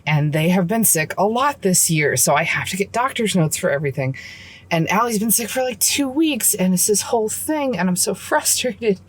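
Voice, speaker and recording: A frustrated mom rants into her phone from the car, with a mid-pitched woman's voice. She swears freely as she vents about her hard day, tired and blunt in a casual vlog. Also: expressive, moderate pace, slightly rough. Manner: frustrated, venting, swears a lot. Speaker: vlogger and mom. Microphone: phone camera.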